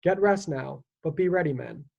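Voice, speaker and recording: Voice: medium pitch, moderate pace, gravelly, breathy edge, lo-fi sound. A reader voicing a stern, commanding Union army captain rallying his troops before battle. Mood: rousing. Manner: commanding, rousing.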